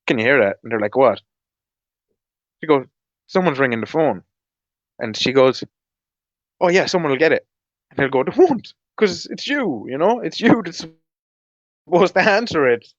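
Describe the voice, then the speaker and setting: A man rants into his camera, angry and rambling, swearing freely and restarting his sentences as he goes. His voice sits at an ordinary middle pitch. The recording is dry and a little dull, as if from a cheap mic. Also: no room sound. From Ireland. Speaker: vlogger. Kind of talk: ranting monologue.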